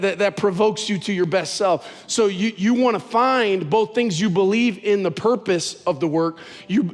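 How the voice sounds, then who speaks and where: A man's voice: sits high, big-room sound. A man preaching a sermon as pastor, talking conversationally and telling stories with animation.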